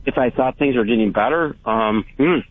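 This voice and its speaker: A man calling in to a radio show who speaks hesitantly, with halting phrases and many fillers. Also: medium pitch. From Hawaii. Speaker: caller. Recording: tinny phone line.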